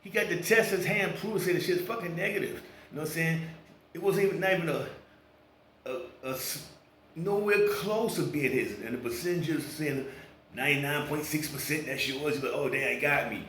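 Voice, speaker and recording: A man's voice: fairly high pitch, normal speed, a bit bright, roomy sound, slight background noise, rough recording. A man ranting casually to his viewers, swearing a lot and acting out quoted voices as he tells a story. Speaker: vlogger. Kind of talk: casual rant to camera.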